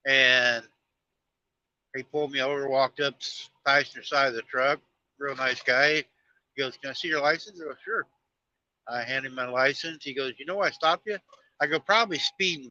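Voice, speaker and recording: A man's voice: medium pitch, bright, forceful tone, dull audio. A man, chatting casually on a live stream from his truck cab as he drives, telling stories in a rambling, folksy way. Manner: rambling storyteller, folksy talk. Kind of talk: casual live-stream chat while driving.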